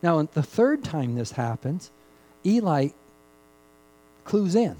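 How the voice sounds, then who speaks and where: Mellow-voiced preacher with dramatic dynamics. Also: male voice, fairly high pitch, very animated, low-quality recording. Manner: swings between loud emphatic peaks and hushed, drawn-out phrases; repeats key phrases for emphasis. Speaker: pastor. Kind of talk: sermon.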